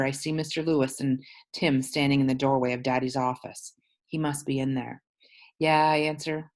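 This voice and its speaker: A woman teacher reading a novel aloud to her class, pausing to explain words. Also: deep voice.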